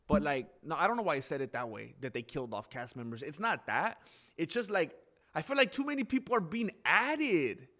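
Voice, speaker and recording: Rambling live-stream host man, slightly high. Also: sing-song, a little fast, sharp tone. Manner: rambling, reads viewer names aloud, self-correcting asides. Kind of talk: casual live-stream chat.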